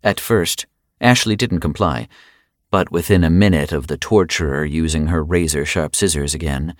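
A man narrating a dark audiobook chapter in a grave, measured manner. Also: rumbling low, no room sound, studio quality. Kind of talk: scripted narration.

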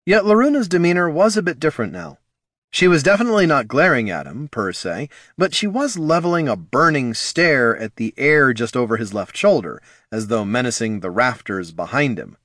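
A man reading a fantasy novel aloud with expressive storytelling. His pitch moves a lot through each phrase. The recording is close and dry. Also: normal speed, no echo. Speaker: narrator. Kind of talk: audiobook narration.

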